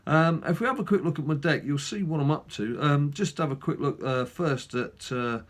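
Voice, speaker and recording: A man's voice: on the high side, normal speed. A man hosting a gaming channel, chatting casually through a mobile game with lots of fillers and self-mocking asides.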